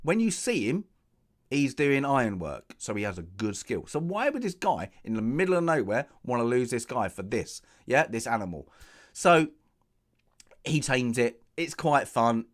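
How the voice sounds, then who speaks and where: Animated man casually reviewing a film. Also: mid-range voice, normal speed. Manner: animated, acts out characters' lines; sarcastic, jokey.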